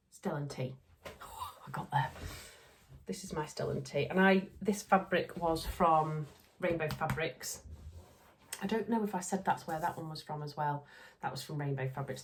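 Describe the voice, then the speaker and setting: Chatty Yorkshire woman, gushing and rambling. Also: lowish voice. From Yorkshire, England. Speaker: sewing vlogger. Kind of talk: casual chat.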